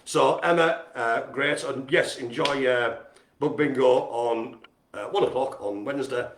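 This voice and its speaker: A man hosting a community centre's live stream, giving casual, jokey shout-outs and poking fun at himself. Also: mid-range voice, a little slow, a little hiss or hum. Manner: chatty, jokey and self-mocking. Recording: roomy echo.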